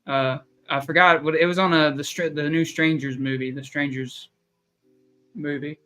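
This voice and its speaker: A man's voice: on the high side, steady tone, normal speed, pushed and bright, soft background music. A young man with a Southern accent, chatting casually and joking about himself as a podcast co-host. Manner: rambling, self-deprecating, joking. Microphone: streaming call mic.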